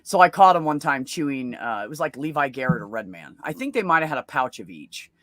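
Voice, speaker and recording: A woman's voice: rumbling low, brisk, no echo. A woman hosting a casual stream chat and telling rowdy, profane stories from her childhood. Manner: profane, animated storyteller. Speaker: stream host.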